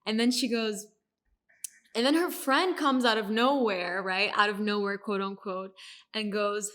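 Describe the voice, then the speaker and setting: A woman's voice: mid-range voice, unhurried. A young woman from Lebanon, a podcast guest, telling a story in casual chat and acting out the people she quotes. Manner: animated, acts out quoted voices.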